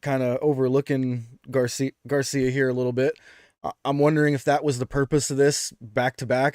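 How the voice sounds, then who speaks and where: Male co-host, relaxed chatty reviewer, dry mic, mid pitch. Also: smooth, no room sound. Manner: chatty, with many "um"s and restarts. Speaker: podcast co-host. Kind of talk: casual chat.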